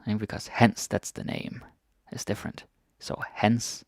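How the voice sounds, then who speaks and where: Guy teaching a chill language lesson, kinda low gravelly voice, repeats everything, says "right?" a lot. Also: measured pace, no echo, clean studio sound. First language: Danish. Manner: relaxed, repeats words, asks "right?" often.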